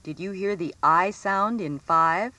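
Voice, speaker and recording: A woman reading a scripted phonics lesson for children, stressing each example word clearly. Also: lowish voice, sharp tone, no room sound. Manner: slow, clearly enunciated, sing-song emphasis on example words. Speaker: teacher.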